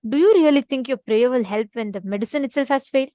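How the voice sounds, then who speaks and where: A woman putting on a scornful heckler in a spoken parable, a sceptical man from the crowd who snaps back in anger when he is challenged. The voice stays high, and the sound is dry and close. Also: fast, warm tone, no echo, natural voice. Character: skeptical angry man in a crowd.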